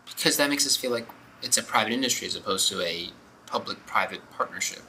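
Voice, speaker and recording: Very bright-voiced young man ranting. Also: on the low side, lively intonation, quick pace, slight background noise, rough recording. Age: young adult. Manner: opinionated, blunt, ranting. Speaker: podcast co-host. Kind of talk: casual chat.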